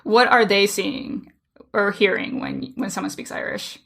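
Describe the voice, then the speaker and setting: A woman co-host interviews her guest with curious, probing questions. Her voice is bright and sharp, with plenty of vocal fry at the ends of phrases. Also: medium pitch, lively intonation, a little slow. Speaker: podcast co-host.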